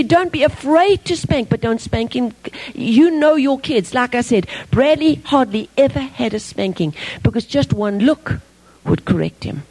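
A middle-aged woman giving an earnest sermon to parents, telling personal stories with emphasis and sometimes dropping to a hushed voice. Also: on the high side, creaky, rough recording. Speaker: Christian speaker teaching parents.

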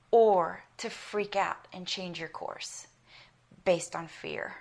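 A woman's voice: fairly low pitch, slow pace, creaky, a little mellow. A middle-aged woman from South Africa with an American accent, preaching an earnest sermon built on personal stories. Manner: earnest, emphatic, storytelling.

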